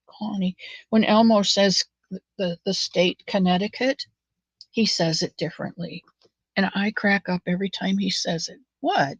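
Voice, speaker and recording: A woman hosting a knit-along, chatting in a rambling, folksy way with soft muttered asides while she knits. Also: on the low side, slightly rough, no echo, dull audio. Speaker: knitting channel host. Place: at home, knitting.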